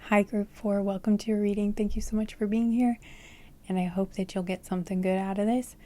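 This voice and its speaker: A tired woman with her voice nearly gone, speaking very quietly and half-whispering through a casual tarot reading. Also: medium pitch, level tone, fairly quick. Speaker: tarot reader. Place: dark room indoors.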